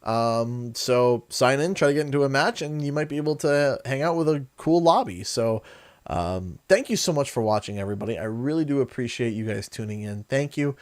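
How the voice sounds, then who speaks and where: A man's voice: medium pitch, brisk. A young Canadian man chatting casually on a gaming livestream, telling friendly, rambling stories. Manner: rambling, friendly storyteller who acts out quotes. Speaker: gaming streamer.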